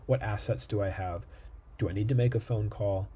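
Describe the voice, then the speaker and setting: A man's voice: fairly low pitch, moderate pace, dark tone, slight background noise. A man giving a recorded lecture in a conversational way, thinking aloud with fillers and checking in with "right?".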